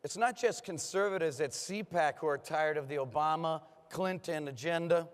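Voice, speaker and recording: A man giving a rousing political conference speech from a podium, his voice hoarse from overuse, with punchy applause lines. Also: a little high. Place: large conference hall. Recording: long reverb of a big hall.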